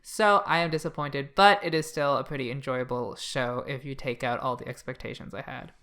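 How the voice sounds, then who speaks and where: A man from Canada co-hosts a casual podcast chat with a bright, forward voice. He is blunt and sarcastic and swears freely as he gives his opinions. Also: mid-range voice, steady tone, brisk. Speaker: podcast co-host.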